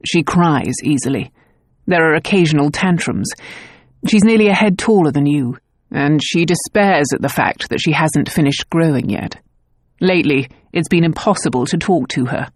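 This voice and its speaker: A woman's voice: low voice, lively intonation, normal speed, breathy edge, no room sound, clean studio sound. A woman voicing a blunt, guarded aristocratic father who questions curtly. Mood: troubled. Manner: curt, brusque questioning.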